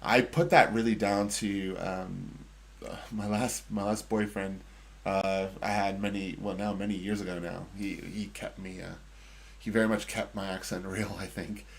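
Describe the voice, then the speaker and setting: A middle-aged man with an American accent, chatting casually as co-host, pausing often with fillers and restarts. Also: fairly low pitch, flat delivery, vocal fry. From United States. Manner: hesitant, many fillers and restarts. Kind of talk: casual chat.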